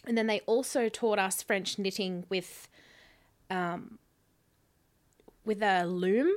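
A woman co-hosting a podcast, telling stories in a relaxed, chatty way. Her laughter comes through easily as she talks. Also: medium pitch, slow. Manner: chatty storytelling, laughs often. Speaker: podcast co-host. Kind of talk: casual chat.

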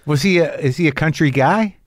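A man hosting a casual podcast interview, curious, with quick interjections and questions. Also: on the high side, no room sound, studio quality. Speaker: podcast host.

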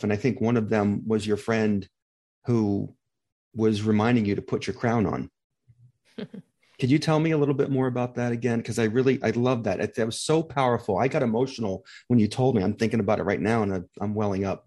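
A middle-aged man hosting a heartfelt interview, talking gently and reflectively with encouragement. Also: fairly low pitch. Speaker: grief coach host.

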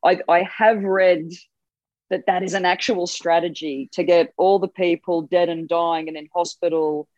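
A woman's voice: lowish voice, fairly even intonation, moderate pace, a little mellow, no room sound. An Australian woman comedian chatting as a guest, wry and laughing at her own bleak points. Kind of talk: casual comedic chat. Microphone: remote line from home. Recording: dull dry call line.

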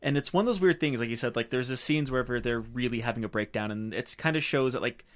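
A man's voice: mid-range voice, fast. A man co-hosting a podcast, talking about a film in casual chat, rambling with many filler words. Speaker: podcast co-host.

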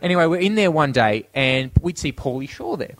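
A man's voice: a little high, animated, brisk, fairly bright tone, no room sound. An Australian man co-hosting a podcast, telling anecdotes in casual chat, laughing often and acting out his friends' lines. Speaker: podcast co-host.

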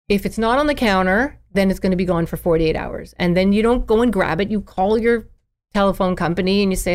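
Woman, therapist, animated, acts out quotes, mid pitch, podcast guest. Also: a little fast. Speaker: child therapist. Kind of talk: podcast interview.

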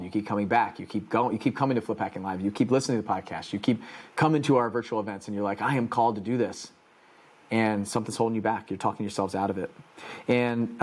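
A man with a slightly low voice delivers an earnest, preaching motivational talk as a podcast host. He drives his points home with repeated, emphatic phrases. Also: darkish tone.

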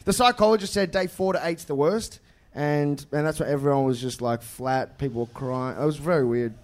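A man's voice: fairly high pitch, a little fast. A man chatting casually on a podcast, rambling with lots of "like" and restarts. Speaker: podcast guest.

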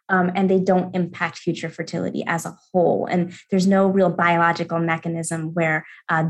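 A woman doctor answers podcast questions in a calm, measured voice. Her pitch sits in the middle range. She explains things patiently and clearly. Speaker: adolescent medicine doctor, guest. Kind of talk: podcast interview.

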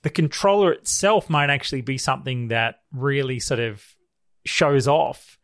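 A man's voice: mid-range voice, animated, moderate pace. A man co-hosting a casual podcast chat, rambling and hedging with "sort of" and "you know". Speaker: podcast co-host.

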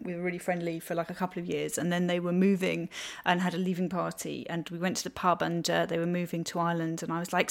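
A woman's voice: lowish voice, fairly bright tone. A woman from Britain, a crime writer being interviewed on a podcast, talking casually, laughing often and restarting her sentences.

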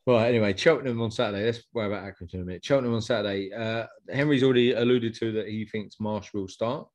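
A man hosting a fan podcast, brisk in casual football chat and steering the talk along. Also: fairly low pitch, a little mellow. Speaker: podcast host.

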